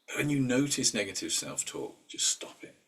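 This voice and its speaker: A man's voice: mid-range voice, big pitch swings, moderate pace, a bit bright, breathy edge, distant mic. A man leading an informal mindset workshop. He talks conversationally, with fillers and restarts, and acts out inner voices in quoted asides. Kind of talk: informal talk.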